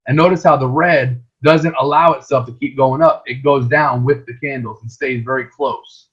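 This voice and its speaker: Husky man teaching chart basics. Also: fairly high pitch, normal speed, hardly any pauses, fairly bright tone, highs cut off. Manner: explains patiently, repeats words, asks "right?" often. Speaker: trading teacher. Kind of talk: screen-share lesson.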